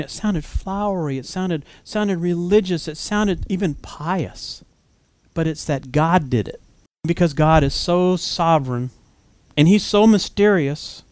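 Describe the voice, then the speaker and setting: A man's voice: high-pitched, a little mellow, clear, resonant tone, no room sound. A man preaching a sermon in an earnest, conversational way, asking the listeners rhetorical questions.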